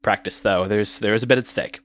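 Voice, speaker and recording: A man voicing a calm, serious village woman. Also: on the low side, brisk, voice pushed down, lightly acted. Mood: grave.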